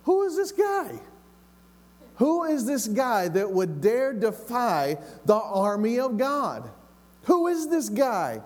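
A man voicing a bold, eager young shepherd boy with excited, insistent questions. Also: extremely high pitch, slow pace, pitched above the performer's own voice, exaggerated voice. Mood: indignant.

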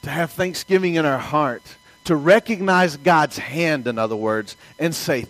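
A pastor from the American South preaches a sermon in a Southern accent, telling it in a folksy, storytelling style and asking the congregation for amens. His voice is a little high and a bit bright, his pace slightly slow with hardly any pauses, and the recording is rough.

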